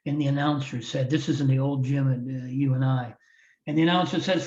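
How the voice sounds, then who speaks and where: The older ex-wrestling champion from Iowa talks briskly in a medium-pitched, fairly even voice, with background noise present. A motivational speaker appearing as a podcast guest, he tells a heartfelt story full of restarts, in roomy, distant, slightly flat audio.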